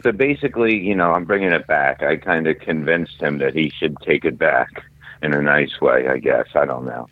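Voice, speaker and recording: A man telling a profane, animated rant in casual chat. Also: extremely low pitch, moderate pace, dry recording. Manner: profane, ranting, animated storyteller. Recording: tinny phone-like line, dry.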